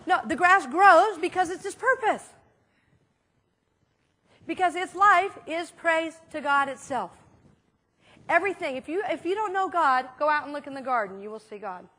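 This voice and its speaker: A woman minister giving a conversational sermon, telling stories in a chatty, animated way with many fillers. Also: extremely high pitch, normal speed, long pauses. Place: church sanctuary.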